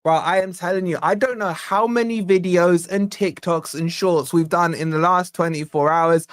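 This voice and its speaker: Young lad hosting a live fan stream, brash and jokey, tired, dry close mic. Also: male voice, high-pitched, normal speed, clear, resonant tone, no echo. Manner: brash, mocking, excitable banter. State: tired from lack of sleep. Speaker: football fan channel host.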